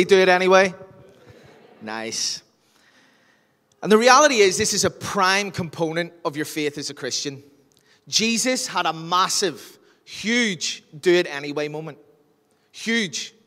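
A man with a Northern Irish accent preaching a sermon as pastor, telling jokey stories and acting out scenes. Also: a little high. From Northern Ireland. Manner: animated storyteller, jokey, acts out scenes. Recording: long hall reverb.

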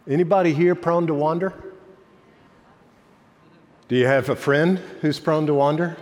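A man preaching a sermon as pastor, telling a story, then building to impassioned emphasis before dropping soft. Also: high-pitched, moderate pace. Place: church sanctuary. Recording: long hall reverb.

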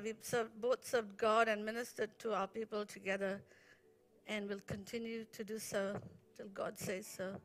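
Woman pastor, fifties, from India, high voice, bright and tense tone, heartfelt testimony. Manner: slow, heartfelt, playful banter with husband. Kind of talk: personal testimony at church service.

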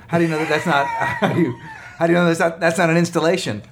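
A man's voice: fairly high pitch, wildly swooping pitch, quick pace, background noise. A man co-hosting a podcast in casual chat, trading wry jokes and ironic asides. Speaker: podcast co-host.

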